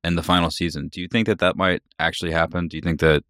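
A man's voice: low voice, little pitch movement, a bit bright, no echo, studio quality. A man co-hosting a podcast, chatting casually about a book with joking asides. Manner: joking interjections, quick asides. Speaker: podcast co-host.

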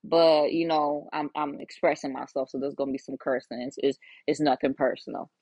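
A woman's voice: sits low, steady tone, brisk, darkish tone, no room sound. A young woman hosting a solo podcast, talking frankly and casually with lots of cursing, often acting out her own inner voice. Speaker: podcast host.

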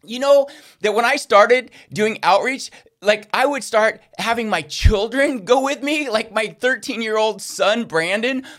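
Male preacher, middle-aged, high-pitched, animated storyteller. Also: unhurried. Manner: animated, acts out quoted voices. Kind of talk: sermon storytelling.

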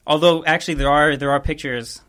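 A young man hosting a podcast, telling a story in casual chat with a laid-back, rambling manner and quick chuckles. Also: on the high side, steady tone, a bit bright. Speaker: podcast host.

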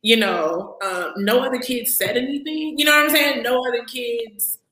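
Woman guest on a podcast, kinda high and bright, gravelly edge, echoey room, really expressive. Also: moderate pace. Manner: expressive, animated storytelling. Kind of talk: casual chat.

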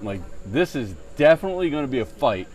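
Animated storytelling man, casual chat. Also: medium pitch, quick pace. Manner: animated, swearing, mimics yelling voices in stories.

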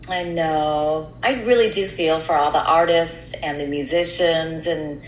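Candid middle-aged American woman, low voice. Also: a little slow, echoey room, a little hiss or hum, low-quality recording. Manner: candid, relaxed, frequent "you know". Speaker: radio host and voiceover artist. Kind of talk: casual chat.

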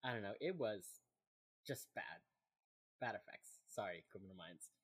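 A woman's voice: very deep voice, moderate pace, slightly rough. A woman co-hosting a casual podcast, recapping a TV episode and acting out characters' lines. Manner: animated, acts out quotes. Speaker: podcast co-host.

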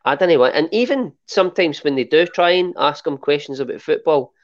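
Lively Scottish man, lo-fi audio. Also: fairly high pitch, fairly quick. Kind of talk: casual chat. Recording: dull lo-fi audio.

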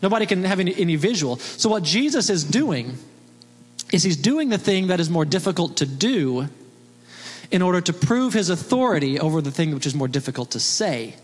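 A man's voice: high-pitched, very animated, fairly quick, breathy edge. A man preaching a sermon as pastor, emphatic and fond of rhetorical questions. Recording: long reverb of a large hall.

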